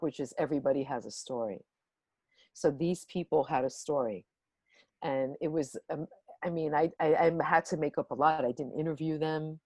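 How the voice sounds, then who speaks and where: Animated woman telling a story on a video call. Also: low-pitched, no room sound. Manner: animated, acts out the voices in her stories. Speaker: workshop guest speaker. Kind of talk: personal storytelling.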